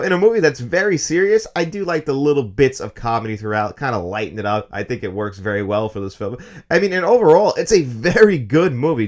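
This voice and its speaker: A man in his thirties giving a casual, opinionated review of a film and its disc release. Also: medium pitch. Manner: fast, enthusiastic, opinionated talk.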